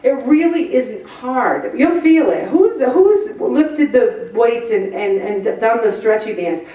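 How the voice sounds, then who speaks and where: A woman leads a weight-loss group, chatty and animated, slipping into little voices now and then. Her voice sits a little high. She is heard from some way off the mic in a roomy, echoing meeting room. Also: takes it slowly. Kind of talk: group presentation. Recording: roomy echo from far off the mic.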